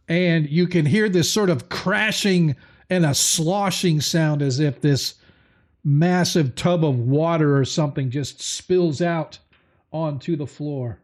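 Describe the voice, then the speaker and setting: A man narrating a tabletop game as game master, halting and apologetic while he searches his notes. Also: on the high side.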